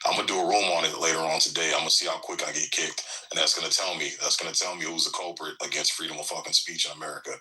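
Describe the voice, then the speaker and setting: Deep-voiced, profane man in chat. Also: fairly even intonation, very fast, hardly any pauses, sharp tone, rough recording. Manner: profane, slangy, keeps saying bro and man. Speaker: audio room host. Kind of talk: casual chat in an online audio room.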